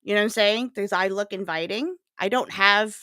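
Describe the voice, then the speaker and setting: A woman's voice: medium pitch, moderate pace, pushed and bright, no room sound, clean studio sound. A woman talking bluntly and emphatically as a guest on a casual livestream chat, swearing freely and rambling with restarts.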